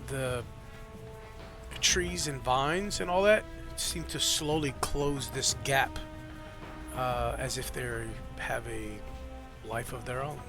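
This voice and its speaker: A man's voice: mid-range voice, slow, over music. A man narrating as dungeon master in a rambling way, with many fillers and self-corrections, with the hiccups. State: has the hiccups. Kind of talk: narrating a tabletop game.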